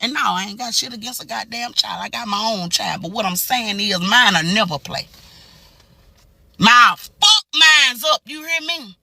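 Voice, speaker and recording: A woman ranting angrily to her phone camera in a heated, profane reaction, swinging between shouts and low mutters. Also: lively intonation, brisk, creaky, few pauses, slightly rough, no room sound. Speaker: social media commentator. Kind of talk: angry reaction rant to camera.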